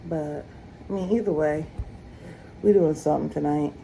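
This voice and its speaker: With some vocal fry, a young woman vlogs at a moderate pace while roaming her home, joking and laughing at herself, her pitch swooping high as she teases. The recording is rough, carrying a little hiss or hum.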